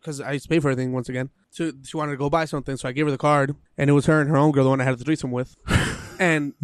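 A man's voice: mid-range voice, clean tone, no echo, studio quality. A man casually telling a long personal story on a podcast, swearing freely and acting out what people said. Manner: fast, profane, animated retelling with acted quotes.

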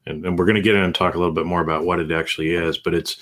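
A man's voice: sits low, steady tone, very fast, a bit bright. A man hosting a live-streamed podcast interview, speaking in an upbeat, enthusiastic way. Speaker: podcast host.

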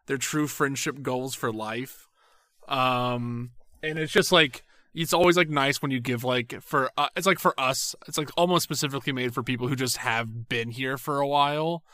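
A man's voice: medium pitch, moderate pace, bright, forceful tone, no room sound, studio quality. Rambling, profane man on a podcast. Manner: rambling and profane, full of filler words. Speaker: podcast co-host. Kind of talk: casual anime recap chat.

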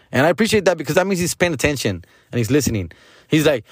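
A man's voice: mid-range voice, wildly swooping pitch, quick pace, breathy edge, no echo. Slangy, profane comedian man, dry sound. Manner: profane, slangy, drops in Spanish phrases; loose, rambling, loses his train of thought. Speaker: stand-up comedian. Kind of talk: casual rambling monologue.

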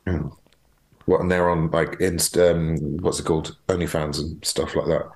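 Deep-voiced man asking casual questions. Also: flat delivery, moderate pace, darkish tone. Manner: curious, asks many questions. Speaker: podcast co-host. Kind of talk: casual chat.

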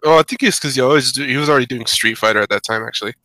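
Bright-toned, profane man chatting casually. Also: medium pitch, rapid-fire, no echo. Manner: profane, laughs often, loose and rambling. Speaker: podcast co-host. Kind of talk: casual chat.

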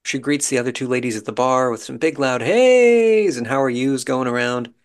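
A man's voice: medium pitch, level tone, fast, fairly bright tone. A man hosting a podcast, giving a wry, chatty recap of a reality show episode with musing asides. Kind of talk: casual commentary.

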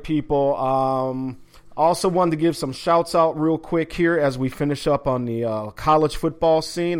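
A man hosts a sports talk show and chats in a laid-back way. He often stalls on fillers and restarts his sentences, and his voice sits at an ordinary pitch for a man. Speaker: sports talk podcast host. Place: home office.

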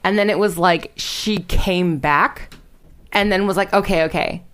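A young woman with a somewhat low voice tells a ghost story in a loose, rambling way. She laughs often and swears casually while chatting with friends. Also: measured pace, a bit bright. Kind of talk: casual storytelling podcast chat.

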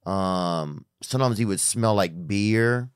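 A man's voice: on the low side, slow, clear, resonant tone, no echo, studio quality. A man hosting a podcast, telling stories in a rambling, casual way with lots of fillers and the odd curse. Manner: rambling, trailing off, frequent fillers and profanity. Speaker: podcast host. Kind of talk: casual chat; host-read ad.

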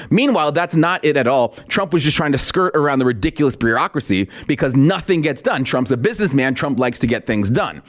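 A man hosting a political commentary podcast, talking in a sarcastic way and repeating lines for emphasis. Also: on the high side. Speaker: podcast host.

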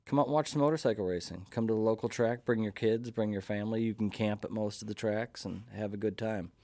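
A man's voice: on the low side, fast, warm tone, no room sound. A man, an enthusiastic guest chatting casually on a podcast. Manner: enthusiastic, upbeat. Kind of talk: casual chat.

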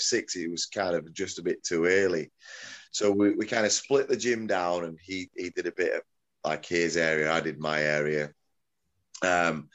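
Rambling man, lowish voice. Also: fairly bright tone. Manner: rambling, self-correcting, chuckling. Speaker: MMA promoter, guest. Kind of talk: casual interview chat.

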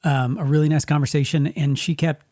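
Middle-aged male podcast host from Spokane, slightly high voice, casual rambling storyteller. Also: fairly even intonation, brisk, a little mellow, dry recording, clean studio sound. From Spokane, USA. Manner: rambling, frequent restarts, acts out quotes.

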